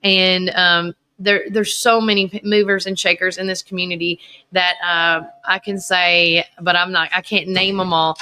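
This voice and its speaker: A woman from Warren County, Tennessee, hosting a local live talk show in a casual, animated, rambling way. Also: fairly low pitch, normal speed, clear, resonant tone, rough recording. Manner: animated, rambling, repeats herself. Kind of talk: casual live-stream chat.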